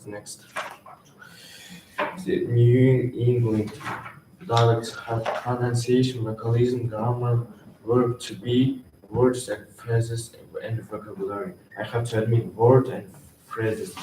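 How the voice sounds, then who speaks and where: A young man gives a school research talk in a flat, even voice. He stumbles and restarts as he reads from slides. He is picked up from across a roomy, echoing space with steady background noise. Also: mid-range voice, slow pace. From Kazakhstan. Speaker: student presenter. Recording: echoey room, distant mic, noisy.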